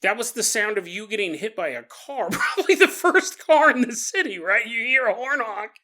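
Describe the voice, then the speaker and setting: A man's voice: high-pitched, sing-song, moderate pace, pushed and bright. A man hosting a podcast, telling stories in a joking way and laughing through his sentences. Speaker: podcast host. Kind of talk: comedic storytelling podcast.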